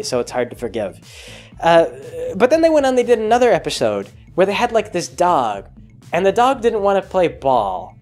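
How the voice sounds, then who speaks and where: A man with a slightly high-pitched voice hosts his own podcast in a loose, rambling monologue. He keeps restarting his sentences and filling the gaps with small words, and he gets lively when something amuses him. Soft music plays faintly underneath. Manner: rambling, full of restarts and fillers; grows animated and higher when amused. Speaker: podcast host. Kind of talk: casual monologue.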